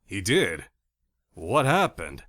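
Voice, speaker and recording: A man narrating a first-person audiobook in an expressive, animated reading style on a close studio mic. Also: fairly low pitch, slow pace, dry recording.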